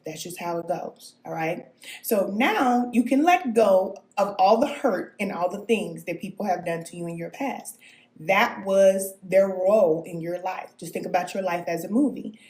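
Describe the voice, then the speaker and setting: A woman's voice: medium pitch, a little mellow, echoey room. A woman giving a live-streamed spiritual talk as a spirit guide, answering viewer comments, emphatic and preachy, often checking in with "okay?" and chuckling. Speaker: self-described spirit guide.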